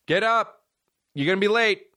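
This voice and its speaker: A man's voice: high-pitched, normal speed, pushed and bright, pitched above the performer's own voice. A man voicing his mother as she nags him every morning to get up for school, in a raised, insistent voice. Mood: nagging. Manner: nagging, insistent. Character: nagging mom waking her son for school.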